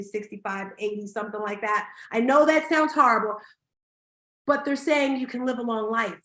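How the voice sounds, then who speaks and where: A woman speaks on stage as a motivational speaker, her high voice energetic and emphatic. She rises into loud bursts of excitement as she fires up the crowd. The sound carries the echo of a big event hall. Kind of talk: live motivational talk to an audience. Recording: echoey hall.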